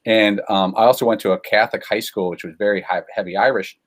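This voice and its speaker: A man's voice: on the low side, steady tone, fast, low-quality recording. A man from Chicago, a guest telling long, rambling, self-deprecating stories in a casual way, with many fillers. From Chicago, USA. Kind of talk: casual storytelling over a call.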